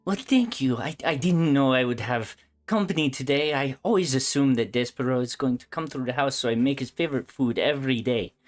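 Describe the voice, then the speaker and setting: A woman's voice: very deep voice, brisk, hardly any pauses, voice pushed up. A woman voicing a grieving middle-aged mother in a tabletop game, her voice swinging from sweet and doting to shrieking rage. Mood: wistful.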